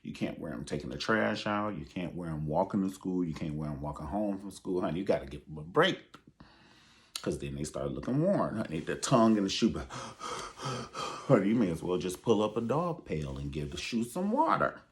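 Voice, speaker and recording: Sassy low-voiced guy dishing on tv, swears a lot, pitch jumps all over. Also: very animated, normal speed. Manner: sassy, profane, keeps calling listeners honey. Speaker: online show host. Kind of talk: casual pop-culture commentary.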